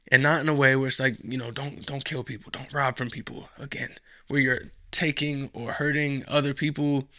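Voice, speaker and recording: A man's voice: mid-range voice, pushed and bright, no echo, studio quality. A man hosting a podcast, rambling casually through a profane monologue with sarcastic asides. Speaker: podcast host.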